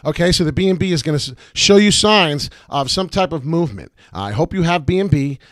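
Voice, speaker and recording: Excitable man talking over crypto charts. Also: a little high, a little fast, dry recording, studio quality. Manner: excitable and chatty, with many "uh" fillers; breaks into loud off-key singing. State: voice cracking in the morning. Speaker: crypto chart analyst and channel host. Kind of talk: casual crypto chart commentary.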